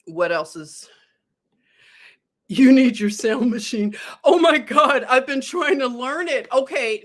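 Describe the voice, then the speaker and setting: A woman hosts a casual live stream, chatting and giggling as she talks straight to her viewers. Her voice sits a little high for a woman. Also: fairly bright tone.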